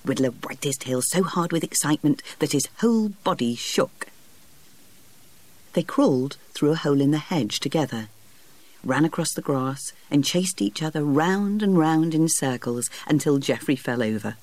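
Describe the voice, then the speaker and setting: A narrator reading a storybook aloud in a lively, expressive way. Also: mid-range voice, moderate pace.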